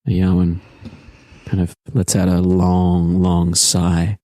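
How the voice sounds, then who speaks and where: A man narrating a tabletop game as game master, relaxed and descriptive. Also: low voice, slow, no echo.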